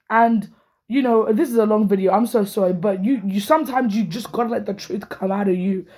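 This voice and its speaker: A young woman tells a personal story to camera in a heated, profane rant. She is hoarse from losing her voice and often restarts her sentences. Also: medium pitch, brisk, dark tone.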